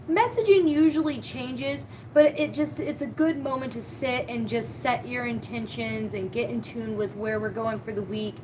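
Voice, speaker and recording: A woman's voice: on the high side, background noise. A woman hosting a spiritual live stream, talking casually and heartfelt, often repeating her key words.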